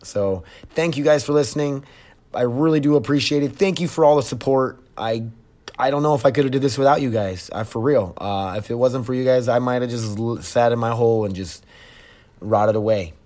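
Male podcast host, candid and emotional, talks straight into a phone with mid-pitched, loose, rambling delivery. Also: brisk, a little mellow. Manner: candid, rambling, with many restarts and fillers. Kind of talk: casual solo podcast talk. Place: residential treatment facility, indoors.

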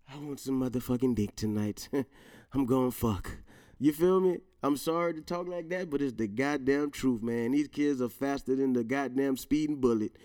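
A man's voice: fairly high pitch, darkish tone. A man hosting his own show in casual solo commentary, ranting with profanity, slang and laughter while talking straight to his listeners. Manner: profane, laughing, emphatic rants; slang-heavy, addresses listeners directly. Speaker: podcast host.

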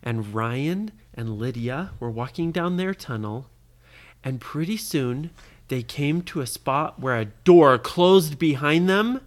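A parent telling an improvised bedtime story to a child. The delivery is slow and expressive, with a lively, widely swinging pitch, and it pauses to ask the listener questions.

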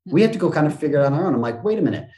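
Motivational coach guy on a podcast, super animated voice that jumps all over, does little voices for quotes, kinda echoey room. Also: on the high side, rapid-fire. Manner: animated, acts out quoted voices and gasps, casual swearing. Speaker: motivational speaker and business coach, podcast guest. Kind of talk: energetic conversational interview talk.

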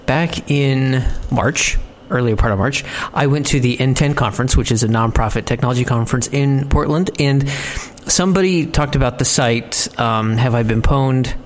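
A man hosting a podcast, chatting casually in a rambling, self-mocking way with halting restarts. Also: medium pitch, slight background noise. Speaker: podcast host.

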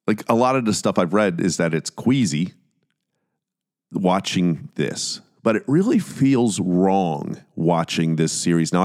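A man with a fairly low voice hosting a podcast. He talks casually and critically, retelling scenes as he goes. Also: darkish tone. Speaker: podcast host. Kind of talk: casual commentary.

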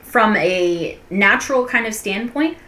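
Animated young woman telling a story. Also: medium pitch, measured pace, very noisy. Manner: animated storyteller, swears freely, says "and whatnot". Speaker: podcast co-host. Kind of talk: casual chat.

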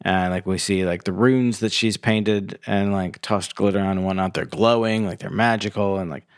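A man co-hosting a podcast in casual movie review chat, relaxed and easygoing. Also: on the low side, moderate pace, smooth, no echo, studio quality. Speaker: podcast co-host.

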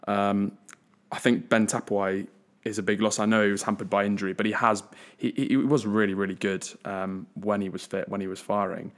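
A man's voice: fairly low pitch, little pitch movement, a little fast. A young man co-hosting a casual podcast, talking earnestly with frequent false starts and repeated words. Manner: hesitant, many restarts, earnest. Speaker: podcast co-host.

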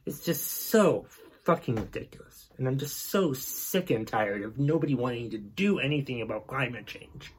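A man's voice: mid-range voice, lively intonation, moderate pace, few pauses, slight background noise. A male podcast host delivering an exasperated, profanity-heavy rant. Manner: angry, exasperated, heavy swearing.

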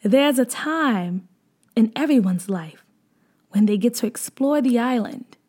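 A woman voicing the girls of an island tribe, speaking softly, slowly and reassuringly. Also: a little high, animated.

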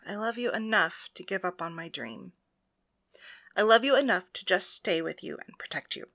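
A woman's voice: medium pitch, animated, moderate pace, gravelly, bright, forceful tone, heavily acted. A woman voicing a young priestess who is loving and anxious in an audiobook reading. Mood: tender.

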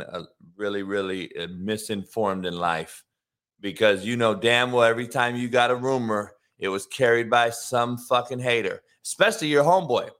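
A man's voice: lowish voice, a bit bright. A man hosting a casual solo podcast, hyped and slangy, swearing freely. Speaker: podcast host.

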